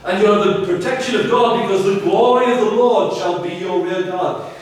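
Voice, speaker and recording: A man's voice: high-pitched, moderate pace. A man preaching a sermon as pastor, earnest and emphatic, pressing his listeners with rhetorical questions. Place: church sanctuary. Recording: very echoey church, voice from a distance.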